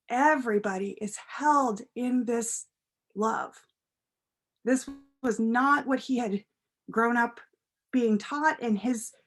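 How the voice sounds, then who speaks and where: A woman tells a story for all ages during a church service. Her voice sits a little high and moves slowly and gently. She is expressive, lingering on key words.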